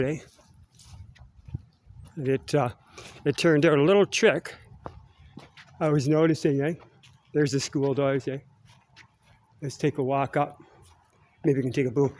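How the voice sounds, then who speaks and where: A middle-aged vlogger with a Canadian accent and a fairly high, slightly mellow voice rambles casually while walking outdoors around school grounds. He's chatty and meandering, capping his sentences with "eh?".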